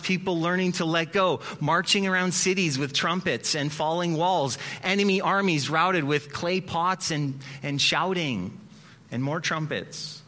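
A male pastor preaching a sermon in an animated, conversational way with dramatic pauses. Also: a little high.

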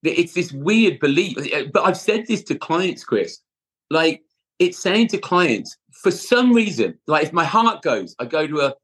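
A man who works as a personal trainer, a guest in a casual interview. His voice is husky and sits a little high. He talks earnestly, restarts often and swears casually as he makes his case. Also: very animated, unhurried, fairly bright tone.

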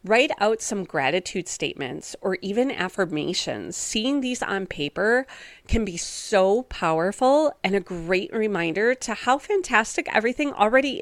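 A woman's voice: medium pitch, expressive, measured pace, no echo. A woman hosting a solo wellness podcast, talking in an upbeat, encouraging, chatty way with casual fillers. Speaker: podcast host and wellness coach.

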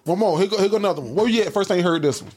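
High-pitched man, casual podcast host, joking and profane. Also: very fast, a little mellow, faint music behind. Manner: quizzing the others, loose and joking, with profanity. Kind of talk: casual comedy podcast chat.

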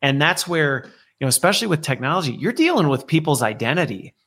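A man's voice: on the high side, big pitch swings, fast talker, fairly bright tone, slightly rough. A man interviewed as a guest, speaking conversationally and reflectively, explaining his ideas through analogies and acted-out quotes. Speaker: guest, learning executive.

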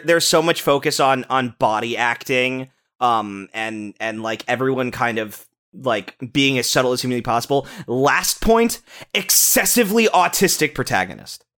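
A young man co-hosting a casual podcast, talking excitedly about a film, swearing often and restarting his sentences. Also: medium pitch. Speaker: podcast co-host. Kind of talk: casual movie-review chat.

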